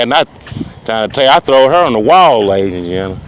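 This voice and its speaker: A man spinning a loose, boastful comic tale, circling back to his listeners again and again. His voice sits at an ordinary middle pitch. Street and vehicle noise comes through clearly behind him outdoors. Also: sing-song, quick pace. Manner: rambling, boastful, repeats "ladies and gentlemen" and "you know what I'm saying". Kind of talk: improvised comic storytelling monologue.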